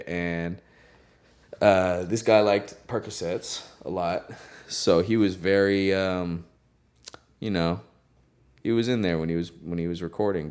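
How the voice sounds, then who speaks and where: A young man who works as a recording engineer, telling stories in a casual interview, relaxed and laughing often, with lots of "like" and "you know". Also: low-pitched.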